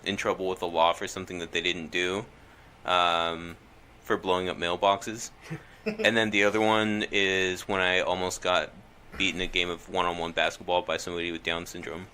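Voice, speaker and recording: A man's voice: low-pitched, level tone, moderate pace, pushed and bright, a little hiss or hum. A young man telling a story in a casual podcast chat, hesitant with many ums and restarts.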